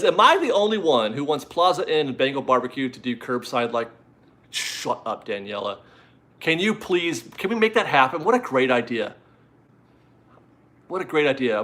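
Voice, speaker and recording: A man's voice: medium pitch, sharp tone. This is a chatty, rambling man hosting a casual live stream from home. He reads out viewer messages and is easily amused.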